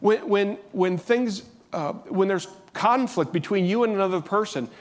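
A man's voice: sits high, moderate pace. A middle-aged man preaching a sermon as pastor, earnest and conversational, often restarting his sentences.

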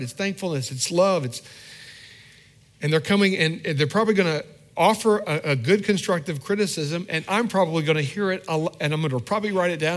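A middle-aged man preaching a sermon as pastor, candid and self-deprecating, acting out little quoted scenes in a conversational way. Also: fairly high pitch.

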